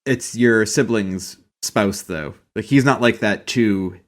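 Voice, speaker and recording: A man's voice: lowish voice, slow. A man co-hosting a podcast, chatting casually about a sitcom, swearing freely and laughing often. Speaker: podcast co-host. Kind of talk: casual chat recapping a sitcom.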